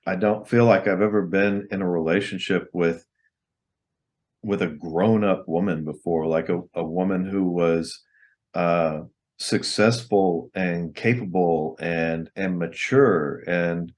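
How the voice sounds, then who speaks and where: Man, very low voice, hesitant and halting, dry wit; podcast co-host. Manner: halting, restarts often, dry humor. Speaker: co-host and partner. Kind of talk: casual chat.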